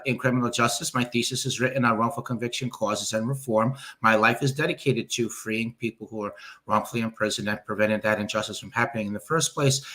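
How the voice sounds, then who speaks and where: A man from the United States, an attorney and advocate, speaking as an interview guest in an earnest, measured way. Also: medium pitch, sharp tone. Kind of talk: interview answers.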